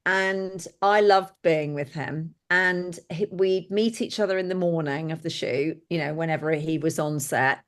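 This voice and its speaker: A middle-aged woman telling lively, blunt stories as an interview guest. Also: fairly low pitch, unhurried, few pauses. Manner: lively anecdotal, blunt and exclamatory. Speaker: guest, film set decorator. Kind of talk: casual interview storytelling.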